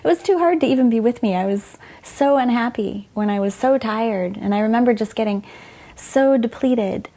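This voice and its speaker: A woman's voice: on the high side, normal speed, mellow. A middle-aged woman, a former doctor, telling frank, emotional stories in an interview and quoting people as she goes. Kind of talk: candid conversational storytelling.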